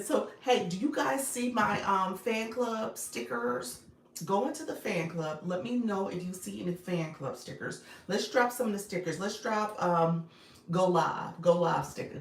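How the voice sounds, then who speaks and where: A woman's voice: medium pitch, measured pace, reverberant. A woman hosting a casual live stream from her phone, chatting with viewers, greeting them by name and laughing often. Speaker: live-stream host and business coach.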